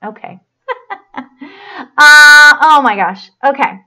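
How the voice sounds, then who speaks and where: A woman hosting a live spiritual stream, giving a psychic reading in a rambling, halting way with many fillers and restarts, and a gushing, affectionate tone. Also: sits high, bright, forceful tone. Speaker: medium hosting a live show.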